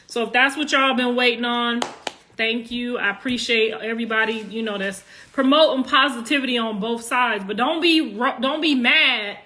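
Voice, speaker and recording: Middle-aged grandmother vlogging to camera, slightly high and bright tone, earnest with lots of "you know" restarts. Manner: halting and rambling, full of "you know" restarts; earnest, apologetic yet defensive. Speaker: grandmother addressing viewers. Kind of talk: casual talk to camera.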